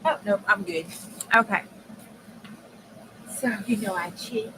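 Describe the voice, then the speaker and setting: A slow, mid-range female voice carries over steady background noise. The speaker hosts a crafting channel, making casual, folksy chat to viewers at her home craft table and addressing them directly in dialect phrasing.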